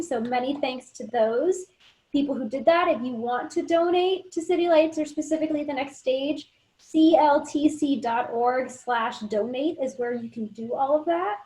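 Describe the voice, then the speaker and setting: A woman's voice: sits high, mellow. A woman hosting a theater talk show over a video call, upbeat as she thanks guests and reads notices. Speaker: host. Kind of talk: show announcements.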